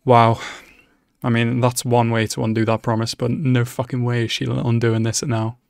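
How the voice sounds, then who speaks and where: A man of ordinary pitch reacts live to an episode on a close, dry microphone. He mutters his thoughts, then bursts into loud swearing and exclamations when the story turns tense. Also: flat delivery, normal speed, gravelly, no room sound. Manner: emotional, swears often, exclaims loudly at tense moments. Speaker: anime reaction channel host.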